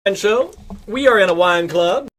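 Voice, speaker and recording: A man's voice: high-pitched, expressive, moderate pace, a bit bright. A man hosting a casual panel show, chatty and leading the talk with frequent fillers. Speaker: host.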